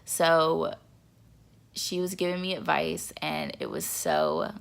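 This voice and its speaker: Creaky-voiced young woman, chatty. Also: sits low, takes it slowly. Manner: chatty, excitable, repeats words for emphasis. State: stuffy nose. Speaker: vlogger. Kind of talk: casual chat to camera.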